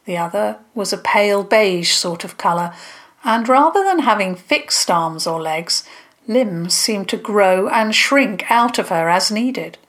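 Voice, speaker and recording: Slow, gentle woman storyteller. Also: mid-range voice, expressive. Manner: gentle, unhurried narration. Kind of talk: children's storybook reading.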